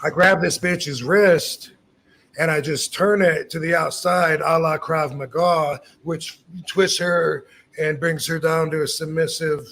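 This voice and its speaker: A husky, gravelly-voiced man in his fifties tells a personal story in a loose, casual way. He slips into the voices of the people he quotes and swears freely. His voice sits a little higher than most men's. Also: a little slow. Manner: animated, acts out quoted lines, swears freely. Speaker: podcast host telling a story.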